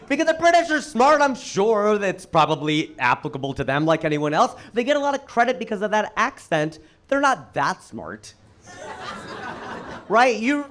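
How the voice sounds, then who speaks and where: A man from the United States doing a stand-up comedy set, with an animated, incredulous punchline delivery. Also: high-pitched.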